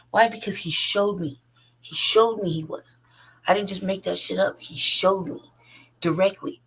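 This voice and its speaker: A woman in her 40s with a husky, fairly low voice hosts her own podcast, heard on a rough recording. She rants bluntly and profanely without a script, laughing often.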